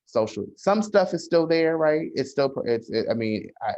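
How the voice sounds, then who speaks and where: A man, a social worker, talking in a casual podcast conversation, measured and often restarting his sentences. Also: mid-range voice, animated, a little mellow. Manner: measured, frequent restarts and hesitations. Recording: dull lo-fi sound.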